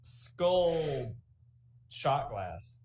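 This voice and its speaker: A man's voice: on the high side, big pitch swings, drawn-out words, darkish tone. A man in his forties chatting casually on a late-night stream, loose and joking, laughing often. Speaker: guest co-host.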